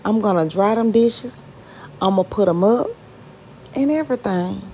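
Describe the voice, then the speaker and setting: A woman's voice: mid-range voice, moderate pace, mellow, slight background noise. A woman from Mississippi with a Southern accent, chatting casually to her viewers while she cleans her kitchen and asking them questions. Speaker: home vlogger. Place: home kitchen.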